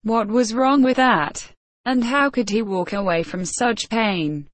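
A woman reading a story aloud as narrator, telling it slowly and evenly, with light voices for the characters. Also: fairly high pitch, no echo. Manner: slow, even storytelling with small character voices. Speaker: audiobook narrator. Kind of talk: scripted narration.

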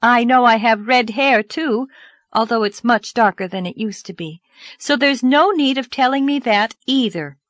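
A woman voicing an earnest, dreamy young girl in an audiobook, lively and reproachful. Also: fairly high pitch, normal speed, dry recording, voice pushed up, close to an everyday voice. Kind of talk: audiobook character voice.

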